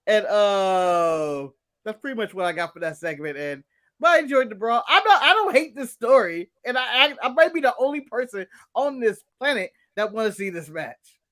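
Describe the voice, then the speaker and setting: Man co-host, high voice, slangy and teasing, casual banter. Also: big pitch swings, moderate pace, pushed and bright. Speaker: podcast co-host. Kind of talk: casual wrestling recap chat.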